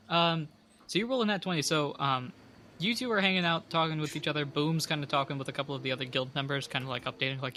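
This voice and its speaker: Bright young man running a tabletop game. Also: on the high side, quick pace. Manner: loose, rambling narration with many fillers. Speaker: game master.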